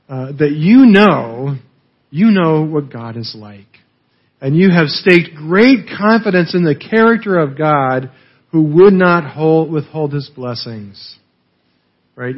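A man's voice: on the high side, husky. A man preaching a conversational sermon, often checking in with "right?" and acting out the quoted dialogue. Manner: conversational, keeps asking "right?"; lively, acts out quoted dialogue. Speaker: pastor. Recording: dull lo-fi audio.

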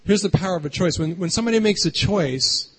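Husky preacher guy, kinda high voice, keeps saying right?. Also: lively intonation, quick pace. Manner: chatty, keeps adding "right?". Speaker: pastor. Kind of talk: conversational sermon.

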